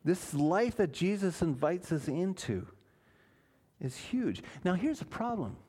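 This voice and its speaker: A male pastor delivering an earnest sermon with a lively, swinging delivery. His voice sits a little high for a man, and he leans hard on key words and throws rhetorical questions at the congregation. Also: unhurried, breathy edge. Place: church.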